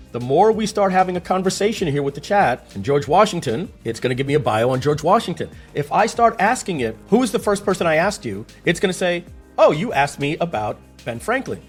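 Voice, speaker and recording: Sounding a little high and slightly rough, he gives a casual screen-share walkthrough as a tech explainer. His delivery is lively, with storytelling and rhetorical questions along the way.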